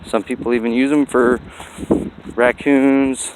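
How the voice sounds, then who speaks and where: A man's voice: mid-range voice, little pitch movement, unhurried, heavy background noise. A man vlogging outdoors by a busy road, in a rambling, folksy way with lots of fillers. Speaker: dog breeder vlogger. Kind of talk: casual walking vlog.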